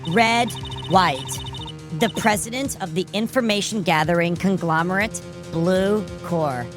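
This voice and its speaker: A woman voicing a nervous young woman witness in a game, speaking slowly and haltingly over game music. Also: lowish voice, close to an everyday voice. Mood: matter-of-fact. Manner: hesitant, halting.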